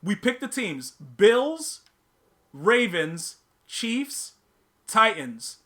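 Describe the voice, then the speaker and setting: A man's voice: high-pitched, very animated, very slow, a bit bright. A man hosting a live podcast stream, chatting casually with his viewers, using slang, repeating himself and teasing the chat.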